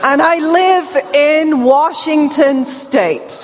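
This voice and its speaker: A woman's voice: high voice, very slow. A woman with a British accent and a deaf accent gives a conference keynote in a large hall, rousing the crowd and talking to the audience directly. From England. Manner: lively, crowd-rousing, warm asides to the audience. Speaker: keynote speaker. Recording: long hall reverb, faint room noise.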